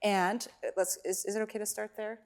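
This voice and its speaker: A woman's voice: mid-range voice, level tone, brisk. A woman teaching a violin masterclass, coaching a student with short encouraging cues and singing phrases to demonstrate. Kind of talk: coaching over live playing. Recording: loud violin and piano playing behind.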